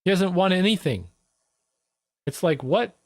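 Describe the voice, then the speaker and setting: A man's voice: sits high, sing-song, a little slow, no room sound, studio quality. Sarcastic, swearing man ranting on a livestream. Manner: sarcastic, mocking, swears freely. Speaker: livestream host. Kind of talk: profane casual commentary over news clips.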